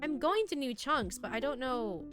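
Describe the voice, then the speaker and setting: A woman's voice: sits high, lively intonation, normal speed. Chatty young woman streaming over music. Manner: chatty, giggly, answering chat while playing. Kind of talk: casual gaming livestream chat. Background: game music.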